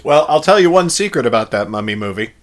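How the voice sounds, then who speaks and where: A man's voice: mid-range voice, very animated, fast talker. Chatty male author reading his novel. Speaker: author and live streamer. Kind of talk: reading his own novel aloud and chatting on a live stream.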